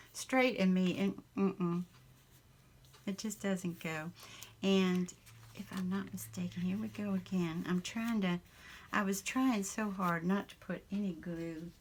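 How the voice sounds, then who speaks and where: A Southern US woman talks slowly in a low, gravelly voice while she works on a craft project at home. She wanders from thought to thought, chuckling and stopping for ums along the way. It sounds like easy, casual chat from a home craft room. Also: fairly bright tone, slight background noise. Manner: rambling, chuckling, with many ums. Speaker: craft vlogger.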